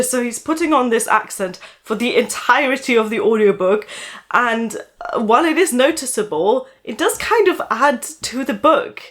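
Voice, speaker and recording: A woman with a slight German accent, a book vlogger casually recommending audiobook narrators and pausing often to think. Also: fairly high pitch, a bit bright. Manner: thoughtful, with frequent "uh" pauses.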